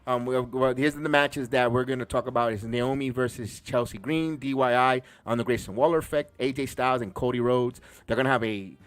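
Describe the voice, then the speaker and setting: A man's voice: mid-range voice, brisk, few pauses, no echo. A man hosting a podcast, recapping the week casually and enthusiastically, with frequent restarts and fillers. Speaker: podcast host. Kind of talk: casual wrestling recap chat.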